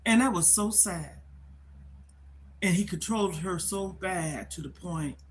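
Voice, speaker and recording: A woman's voice: on the low side, unhurried, pauses often. Older woman host, casual emphatic storytelling on a phone, faint background hiss. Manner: emphatic, repetitive, conversational. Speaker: livestream host.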